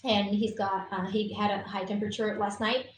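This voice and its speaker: A woman guest presenter on essential oils speaks at normal speed with a medium pitch and little pitch movement. Her enthusiastic, chatty product talk on a video-call live stream carries slight background noise, roomy echo, and faint ambience.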